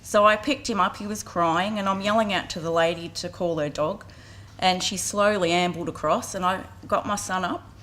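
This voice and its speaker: At an outdoor community campaign launch, an Australian woman in her forties who speaks for community vet care tells an earnest story to the audience, briefly acting out voices. Her lowish voice is fairly even and fairly bright, at normal speed.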